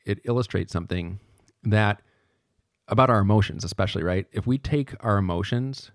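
A man's voice: fairly low pitch, normal speed, no echo, clean studio sound. A young man giving a casual podcast lecture in a chatty way, often asking "right?" and restarting his sentences.

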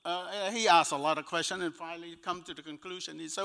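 This older evangelist's voice is high-ish, brisk, bright and forceful, with fairly even intonation and a Cambodian accent. Telling a personal story in an interview, he chuckles between sentences and acts out quoted dialogue, and long, echoey reverb colors the recording.

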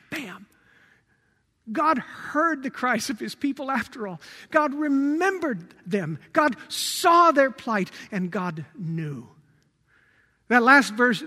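In a large, reverberant hall, a male pastor delivers a sermon in a notably high, bright voice. He returns again and again to rhetorical questions, building to forceful peaks before sinking back into a near whisper.

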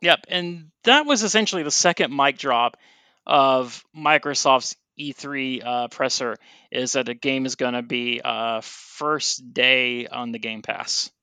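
Bright, crisp-voiced man chatting on a podcast. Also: mid-range voice, unhurried, no room sound. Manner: relaxed, chatty, many fillers. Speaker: podcast host. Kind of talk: casual gaming podcast chat.

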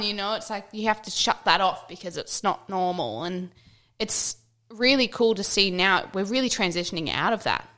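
A woman's voice: medium pitch, lively intonation, normal speed, sharp tone. Woman podcast host in her thirties, enthusiastic, rambling casual chat. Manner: chatty, enthusiastic, many fillers.

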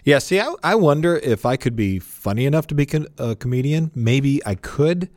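A man's voice: mid-range voice, expressive, moderate pace, a little mellow, no echo, clean studio sound. A man co-hosting a casual chat, reflective and self-deprecating, laughing often. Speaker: podcast co-host.

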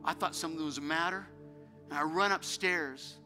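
Man, pastor, sermon, emotional storytelling, high voice, music underneath. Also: moderate pace, bright, forceful tone. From United States. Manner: emotional storytelling, rising to fervent preaching. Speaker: pastor, guest speaker.

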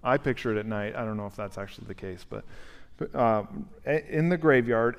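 A male pastor preaching a conversational, animated sermon and asking the congregation questions in a church sanctuary. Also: on the low side, normal speed.

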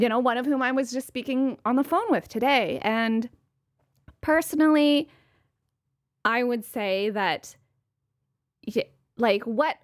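A woman with a fairly high voice co-hosts a podcast in casual conversation. She is animated and self-mocking and fills her sentences with "like." The sound is dry and close. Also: no room sound. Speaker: podcast co-host.

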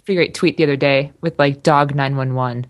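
A woman's voice: a bass voice, fairly even intonation, brisk. A young woman co-hosting a podcast, chatting casually and laughing often as she rambles. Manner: giggly, rambling. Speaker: podcast co-host. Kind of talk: casual chat.

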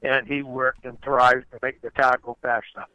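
An older man, a retired race car driver, tells stories as a guest in a rambling, conversational way, often restarting his phrases. His medium-pitched voice is pushed and bright, with a level tone and normal speed. The audio is dull and lo-fi, with no room sound.

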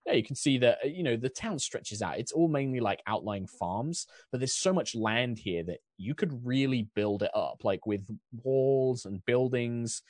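A man's voice: medium pitch, lively intonation, normal speed, few pauses, darkish tone, no echo, studio quality. A man narrating as dungeon master, describing scenes in a rambling way full of fillers. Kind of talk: narrating a tabletop game.

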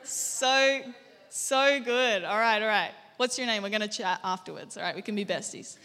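A woman's voice: mid-range voice, moderate pace, pushed and bright, in a large hall. A young Australian woman giving a conversational sermon in a church, joking and quizzing the congregation. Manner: chatty, jokey, quizzes the congregation. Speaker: guest preacher. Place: church auditorium.

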